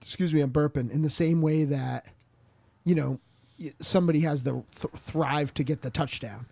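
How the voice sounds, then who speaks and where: Higher-voiced man rambling about films. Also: fairly even intonation, moderate pace, creaky, warm tone, dry recording. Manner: rambling, hesitant, many fillers and restarts. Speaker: podcast co-host. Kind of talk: casual film review chat.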